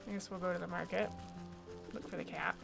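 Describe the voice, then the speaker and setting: A woman's voice: fairly low pitch, fairly even intonation, fairly quick, creaky, over music. A woman streamer chatting casually while playing a game and reading its text aloud.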